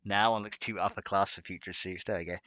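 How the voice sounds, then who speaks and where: A man's voice: lowish voice, fairly even intonation, fast, bright, forceful tone, no room sound. A man casually chatting on a live stream while modding a game, rambling and laughing often as he reads chat.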